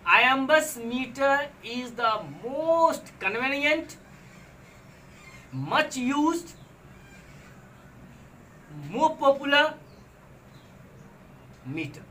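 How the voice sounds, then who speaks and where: High-voiced Indian English lecturer, bright. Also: male voice, distant mic, a little hiss or hum. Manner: patient, explanatory, repeats and restates points. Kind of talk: recorded video lecture.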